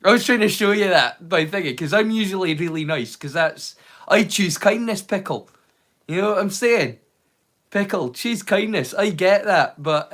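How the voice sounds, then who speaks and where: Scottish guy streaming, high-pitched, swears a lot, takes the piss out of chat. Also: fairly bright tone. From Scotland. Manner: teasing banter, swears freely. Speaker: live streamer. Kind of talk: casual chat with live viewers.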